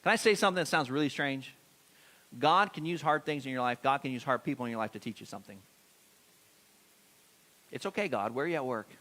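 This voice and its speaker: A man's voice: medium pitch, fast talker, long pauses, pushed and bright. A middle-aged man preaching a sermon in a church, talking conversationally and putting questions to the congregation. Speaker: pastor. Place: church sanctuary.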